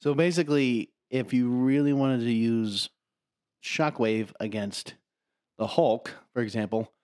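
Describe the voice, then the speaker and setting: Excitable swearing male co-host. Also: mid-range voice, a little slow. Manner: excitable, swears casually, laughs and jokes. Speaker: podcast co-host. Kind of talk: casual chat.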